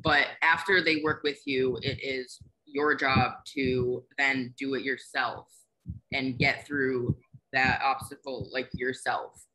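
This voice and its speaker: Bright, gushing young woman on a call. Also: very deep voice, level tone, takes it slowly, low-quality recording. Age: young adult. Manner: earnest, gushing, many fillers. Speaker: patient giving a testimonial. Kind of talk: casual emotional testimonial. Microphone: video call.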